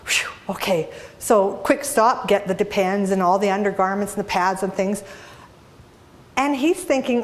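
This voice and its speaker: A Canadian woman giving a humorous talk as an inspirational speaker, telling animated stories and asking the audience questions. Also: medium pitch, a little slow.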